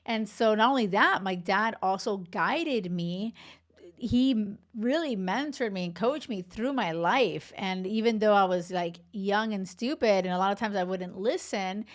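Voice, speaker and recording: A woman in her thirties, a love coach, talking casually and warmly on her podcast, rambling with fillers. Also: mid-range voice, unhurried. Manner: chatty, heartfelt, rambling with fillers.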